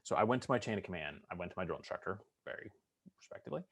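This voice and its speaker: A middle-aged man with a fairly low voice tells his stories in a relaxed interview. He is good-humored and likes to act out the voices of the people in them. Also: rapid-fire, breathy edge. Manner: humorous storyteller, acts out drill instructor voices. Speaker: veteran interviewee. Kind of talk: storytelling interview.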